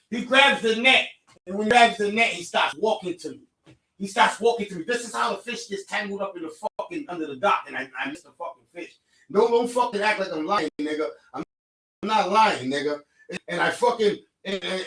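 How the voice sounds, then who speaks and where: Podcast storyteller, man, high bright voice, heated and profane, echoey room, off-mic. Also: far from the mic. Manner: profane, heated, accusing, swings between low mutters and shouting. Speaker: podcast host telling a story. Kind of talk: animated storytelling to a friend.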